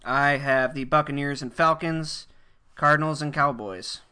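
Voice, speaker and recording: A man co-hosting a casual sports podcast with a bright, smooth voice. He lays out his predictions in a steady, matter-of-fact way. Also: a little high, a little slow. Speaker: podcast co-host.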